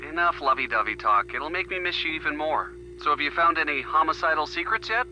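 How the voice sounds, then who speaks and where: A man's voice: a little high, lively intonation, fairly quick, over music, lightly acted, low-quality recording. A man playing a playful, joking young boyfriend. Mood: affectionate. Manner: playful, teasing, sweet. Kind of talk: video game voice acting.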